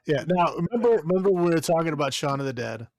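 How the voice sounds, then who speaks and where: A man's voice: fairly high pitch, very animated, fast, a little mellow, no room sound, clean studio sound. A man co-hosting a podcast, giving a blunt, profane, rambling movie review with lots of fillers. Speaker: podcast co-host. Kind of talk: casual movie review chat.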